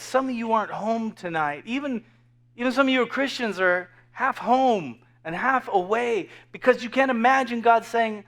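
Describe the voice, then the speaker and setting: A man's voice: extremely high pitch, moderate pace, fairly bright tone. A man in his thirties preaching a casual, joking sermon full of asides to the congregation. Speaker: pastor. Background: faint crowd.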